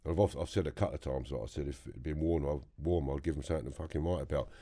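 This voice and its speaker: A man with a London accent telling his story as a podcast guest, blunt and animated, swearing freely. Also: extremely low pitch, very fast. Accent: London English. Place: podcast studio.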